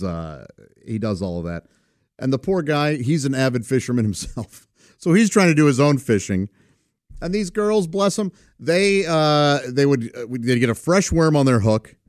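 A middle-aged man tells a relaxed personal story in a lively, animated voice that rises and falls freely. He halts often on "uh" fillers and chuckles between phrases. The sound is dry and close. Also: mid-range voice, no echo. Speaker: vlogger. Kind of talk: casual storytelling.

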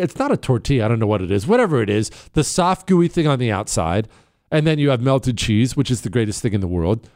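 A man's voice: medium pitch, darkish tone. Emphatic rambling male talk host. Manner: emphatic, rambling, heavy with fillers. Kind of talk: opinionated talk radio monologue.

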